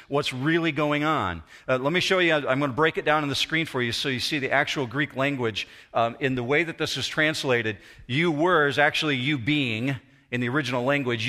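Bright-voiced pastor preaching a sermon. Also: male voice, medium pitch. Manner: earnest, explanatory, storytelling. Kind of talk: sermon with prayer. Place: church auditorium.

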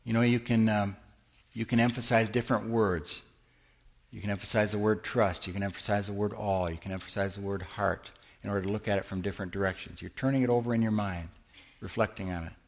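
A man's voice: fairly low pitch, fairly even intonation, fairly quick. A middle-aged male pastor giving a conversational sermon in a church, asking the congregation questions and answering them. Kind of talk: interactive sermon teaching.

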